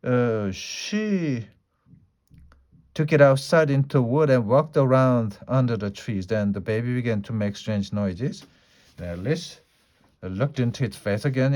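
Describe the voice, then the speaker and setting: A man reading a story aloud for English learners, at an unhurried pace with the odd filler and restart. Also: mid-range voice, a little mellow.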